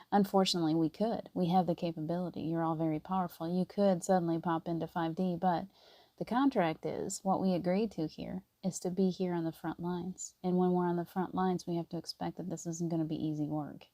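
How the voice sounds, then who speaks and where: A middle-aged woman hosting a spiritual live stream, talking softly and earnestly and greeting viewers by name. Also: lowish voice, steady tone, fairly quick, no room sound.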